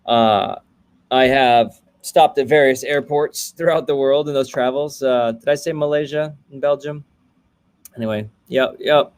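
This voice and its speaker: A man's voice: mid-range voice, a little slow, clean tone. Casual male host, 30s, running a coding livestream and greeting viewers by name.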